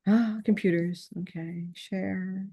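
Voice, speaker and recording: A woman's voice: mid-range voice, fairly even intonation, slow pace, mellow, dull audio. A middle-aged woman hosting her own vlog, chatting casually in a rambling way with frequent restarts and laughs. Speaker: channel host.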